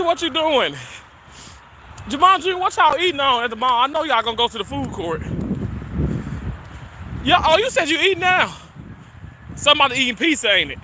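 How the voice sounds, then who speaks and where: In a casual walking livestream, a man talks to viewers on a snowy street, laughing frequently and slightly winded from the uphill climb. His pitch is extremely high, and the background is noisy.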